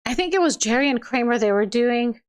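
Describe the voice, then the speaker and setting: High-voiced woman chatting on a livestream. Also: expressive, a little fast, smooth. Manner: chatty, laughs often, trails off and restarts. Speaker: livestream host reading viewer comments. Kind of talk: casual chat.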